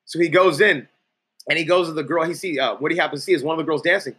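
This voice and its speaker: A man's voice: fairly high pitch, fast, pushed and bright, husky. A man giving a profane, emphatic coaching talk, acting out quoted people in different voices. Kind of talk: coaching talk with acted-out anecdotes.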